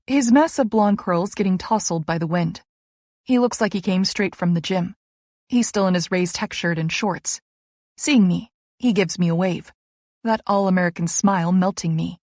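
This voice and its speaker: A woman narrating a first-person romance audiobook with a lively, wry storytelling manner. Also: mid-range voice, no room sound.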